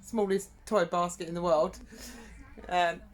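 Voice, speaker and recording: A woman's voice: on the low side, flat delivery, unhurried. A woman chatting casually to camera about her worries, rambling, laughing often, recorded inside a narrowboat. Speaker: vlogger host.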